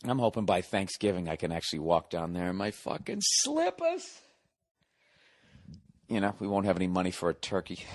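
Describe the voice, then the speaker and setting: A comedian hosting a podcast, telling a long profane story in a casual monologue, exasperated and sarcastic. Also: male voice, lowish voice.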